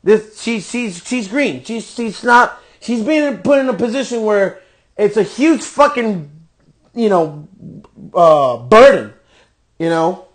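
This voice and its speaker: A man with a high-pitched voice, swearing freely as he rants through a podcast review of a wrestling show. He sounds fed up, exasperated and blunt. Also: sing-song, takes it slowly. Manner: profane, ranting, exasperated. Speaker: podcast host.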